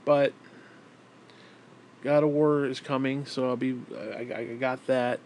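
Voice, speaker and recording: A man's voice: mid-range voice, level tone, measured pace, darkish tone, slight background noise. A man rambling casually on camera, swearing often and switching into baby talk with his pet. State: broke and frustrated. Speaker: vlogger.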